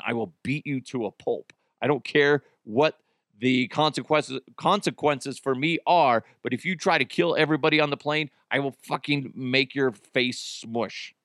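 A male podcast host in a loose, crude comedic monologue, swearing and laughing at his own jokes. His voice sits at a middling pitch and sounds dry and close to the mic. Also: a bit bright, dry recording. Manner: crude, joking, profane.

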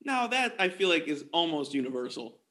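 A man's voice: fairly high pitch, very animated, a little fast, pushed and bright. A man hosting a casual interview and asking playful, teasing questions. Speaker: interviewer host.

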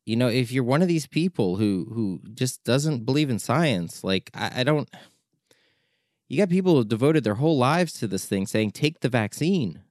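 A documentary filmmaker giving an impassioned opinion monologue, exasperated and urgent, often repeating words for emphasis. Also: male voice, medium pitch, expressive, moderate pace, darkish tone, no room sound, studio quality.

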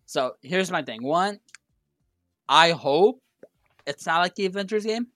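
A man's voice: sits high, expressive, measured pace, a bit bright, dry recording, clean studio sound. A man co-hosting a casual gaming podcast, teasing and jokey in banter. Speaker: podcast co-host.

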